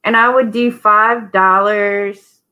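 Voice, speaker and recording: Slow-talking chatty woman selling live. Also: medium pitch, steady tone, sharp tone, rough recording. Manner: chatty, rambling, addresses viewers by name. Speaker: host of a live online sale. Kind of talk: casual live-stream selling.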